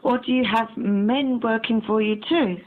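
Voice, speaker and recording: A woman's voice: a little high, unhurried. A woman asking cheeky, teasing questions over a radio channel. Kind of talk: casual radio chat. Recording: tinny radio transmission with faint hiss.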